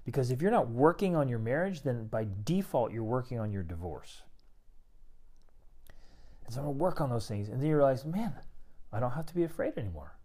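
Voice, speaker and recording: A man's voice: mid-range voice, very animated, a little fast, pauses often, mellow. A middle-aged man giving an emphatic motivational talk on relationships to other men, acting out people's inner thoughts as he goes. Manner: emphatic, preachy, acts out inner monologues. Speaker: men's relationship coach.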